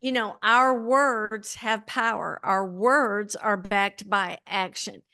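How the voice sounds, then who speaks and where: Bright, earnest woman co-host. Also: medium pitch, steady tone, slow pace. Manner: earnest, reflective, faith-minded. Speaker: podcast co-host. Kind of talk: casual chat.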